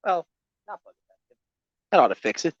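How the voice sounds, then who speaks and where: A man's voice: fairly high pitch, big pitch swings, fairly quick, a bit bright, dry recording, dull audio. A man co-hosting a comedy podcast, musing aloud in rambling casual banter and laughing along.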